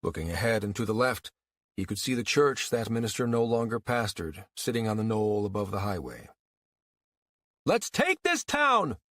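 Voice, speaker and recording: A man narrating a first-person audiobook in a weary, wry, even-paced storytelling manner. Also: on the low side, fairly quick, no echo, clean studio sound.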